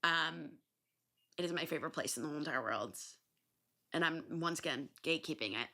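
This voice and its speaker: A young adult woman hosting a podcast, telling stories in a loose, animated way, swearing freely and filling pauses with ums and likes. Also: sits low. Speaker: podcast host. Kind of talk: casual solo storytelling.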